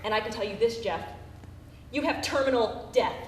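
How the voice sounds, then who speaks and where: An actress on a theater stage playing a grieving, sharp-tongued woman who swears and turns sarcastic. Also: fairly high pitch, normal speed, a little hiss or hum, lightly acted. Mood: defiant. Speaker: stage actor. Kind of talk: live stage drama. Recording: roomy stage sound from a distant mic.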